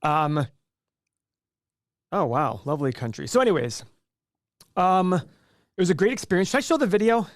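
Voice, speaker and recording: A man in his forties hosts a casual livestream with a high voice and lively intonation. He chats loosely and rambles at a normal speed with long pauses, reading viewer comments aloud, and there is no room sound.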